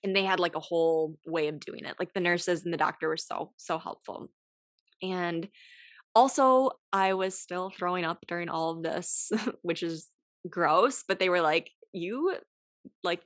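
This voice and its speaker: On a podcast, a young female host with a voice on the low side shares a personal story in a casual, emotional way. Her delivery is heavy with sighs and filler words, and she sometimes seems near tears. There's no echo.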